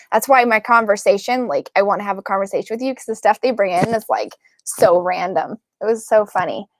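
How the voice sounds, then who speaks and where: A woman working as a psychic medium, talking casually and excitedly to her viewers, full of fillers and "like". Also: medium pitch, dry recording. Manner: chatty and excitable, many fillers and likes. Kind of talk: casual spiritual talk to camera.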